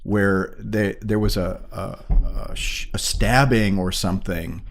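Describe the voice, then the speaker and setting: A man's voice: fairly low pitch, fairly even intonation, takes it slowly, gravelly. An older man, a poet guest on a podcast, explaining ideas in casual conversation with frequent restarts.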